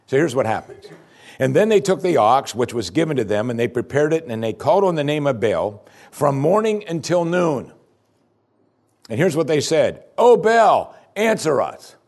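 A man preaching a sermon with an animated delivery, acting out the scenes he tells with a dry humor. His voice swings widely in pitch, climbing high and falling low as he drives his points home. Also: moderate pace. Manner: animated, acts out the chanting with raised pitch and volume, dry humor. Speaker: pastor.

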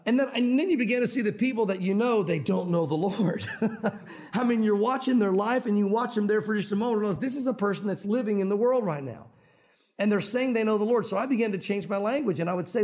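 A man from Tennessee with a Southern accent, preaching an evening sermon in a quick, conversational and earnest way. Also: high voice, expressive, darkish tone. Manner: fast-talking, conversational, earnest. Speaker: pastor.

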